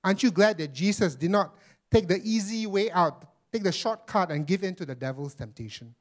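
Man pastor preaching, slightly higher voice, emphatic, repeats himself, keeps saying friends. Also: expressive, fairly quick. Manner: emphatic, repeats phrases, addresses listeners as friends. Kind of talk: sermon.

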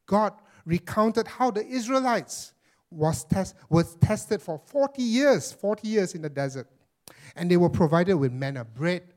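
A man's voice: a little high, a little mellow. Emphatic man preaching a sermon. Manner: emphatic, repeats phrases, addresses listeners as friends. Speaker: pastor.

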